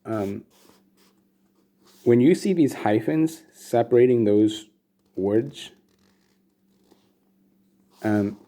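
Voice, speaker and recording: A man explaining Sanskrit script and meter as a teacher, relaxed and casual, with many pauses and fillers. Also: medium pitch. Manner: relaxed, many ums and restarts. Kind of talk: explanatory lesson with slides.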